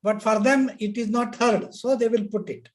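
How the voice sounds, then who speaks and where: A man's voice: very high-pitched, fairly even intonation, moderate pace. A man in a study group discussion, insistent and repetitive, often laughing. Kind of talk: casual discussion.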